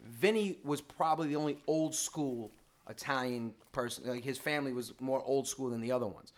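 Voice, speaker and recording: A man, a comedian guest talking in a casual podcast chat, emphatic and animated. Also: mid-range voice, brisk.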